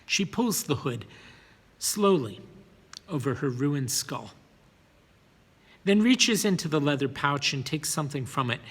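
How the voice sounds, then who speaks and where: A man's voice: a little high, lively intonation, unhurried, pauses often, a bit bright, slightly rough, in a large hall. A man narrating a first-person story, sometimes repeating words as he reads.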